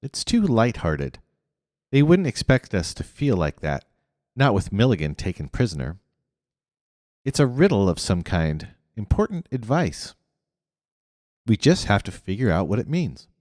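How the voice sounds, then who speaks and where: A calm, measured boy who keeps the others together in a storybook. A man reads him in a deep, lively voice, set in a dry sound with a long reverb tail. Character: calm, steady boy leader.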